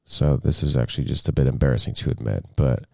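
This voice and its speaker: A man's voice: a bass voice, fast talker, creaky, dark tone, no room sound, studio quality. A young man hosting a casual solo podcast at home, rambling and joking about himself. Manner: rambling, jokey and self-deprecating. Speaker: podcast host.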